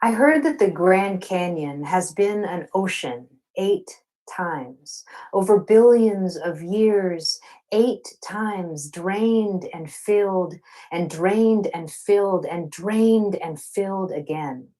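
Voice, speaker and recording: A woman from Arkansas, a poet, giving a live reading over a video call, chatting playfully between slow, rhythmic poems. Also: mid-range voice, lively intonation, mellow, low-quality recording. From Arkansas, USA. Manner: slow, rhythmic poetry delivery. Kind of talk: poetry reading.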